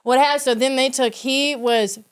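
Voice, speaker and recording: A woman from Kentucky tells a story as a podcast guest, with a high, bright voice. She is animated in casual chat and acts out each person in the tale. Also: normal speed, clear, resonant tone.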